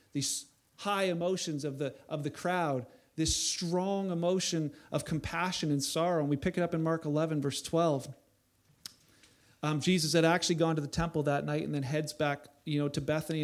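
A man preaching a sermon in a conversational way, building to loud emphatic bursts at times. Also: fairly high pitch. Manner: conversational preaching, voice rising to near shouts for emphasis. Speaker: pastor.

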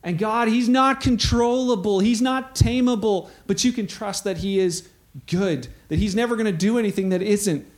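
A middle-aged man preaching a sermon, telling a story with animated, acted-out quotes. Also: sits high, moderate pace. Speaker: pastor.

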